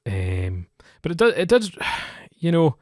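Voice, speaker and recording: Relaxed man, dry mic. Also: on the high side, slow pace, no room sound. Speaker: podcast co-host. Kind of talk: casual chat.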